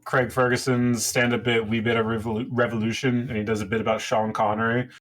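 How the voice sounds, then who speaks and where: A man's voice: medium pitch, flat delivery, quick pace. A man co-hosting a podcast, chatting casually and giving strong opinions about movies. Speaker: podcast co-host. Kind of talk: casual chat.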